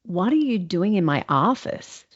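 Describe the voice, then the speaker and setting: A woman's voice: big pitch swings, measured pace. A woman doing a stern American office worker. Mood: irritated. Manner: stern, clipped, lowered pitch. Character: brisk American woman annoyed at an office intruder. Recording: dull lo-fi recording.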